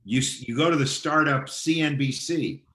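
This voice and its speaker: Male interview host, bright tone, roomy echoey recording, casual halting delivery. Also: mid-range voice. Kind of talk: conversational interview.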